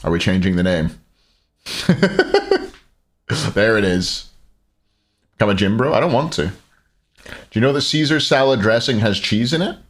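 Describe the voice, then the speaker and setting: A man with a lowish voice calls the picks on a live esports stream and jokes with his chat as he goes. His delivery swings around a lot in pitch. The whole thing sounds easygoing and casual. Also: lively intonation, brisk, long pauses. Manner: joking, chatty banter with chat. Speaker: esports caster and stream host.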